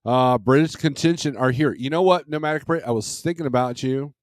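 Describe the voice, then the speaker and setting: Here a man with a mid-range voice speaks a little fast, hosting an easygoing livestream from home with plenty of chuckling and meandering talk. The desk-mic audio is clean studio sound with no echo.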